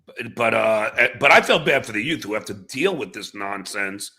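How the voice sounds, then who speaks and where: A man's voice: on the low side, lively intonation, moderate pace, sharp tone, breathy edge. A middle-aged man hosting a livestream, telling stories and talking politics with lots of swearing and stammering restarts. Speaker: livestream host. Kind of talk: political chat and storytelling.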